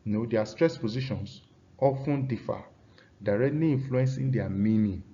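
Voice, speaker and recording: A man's voice: medium pitch, normal speed, dark tone, dull audio. A man teaching an English pronunciation lesson, often repeating himself and checking in with his students.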